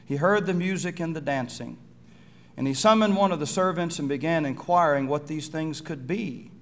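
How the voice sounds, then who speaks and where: A man with a fairly high-pitched voice preaches a sermon at a moderate pace. He tells a Bible story, acting out quotes with lively energy and putting rhetorical questions to his listeners.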